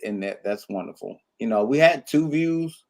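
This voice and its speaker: Tipsy guy host, loud and crude, laughs through his stories, slangy casual chat. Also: on the low side, animated, normal speed, creaky. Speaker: talk show host.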